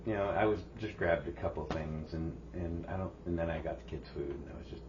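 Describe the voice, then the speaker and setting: A man's voice: sits low, a little fast, noisy background. A man co-hosting a podcast, telling a rambling story full of restarts. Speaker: podcast co-host. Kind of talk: casual chat. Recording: muffled, lo-fi with faint ambience.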